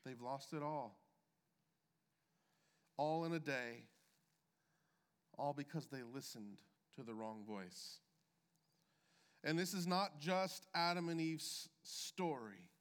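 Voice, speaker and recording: A man delivering a sermon in a high, bright voice, taking his time over every phrase. He pauses deliberately and lets key words sink low for emphasis. His voice carries the long reverb of a large hall. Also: expressive, clean tone. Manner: measured preaching with deliberate pauses and emphatic drops. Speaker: pastor. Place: church sanctuary.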